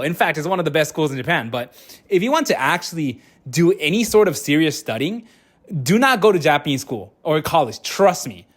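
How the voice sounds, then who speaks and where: A man in his twenties giving casual reaction commentary, blunt and exasperated, stumbling over restarts as he rants. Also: on the high side. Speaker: YouTube commentator.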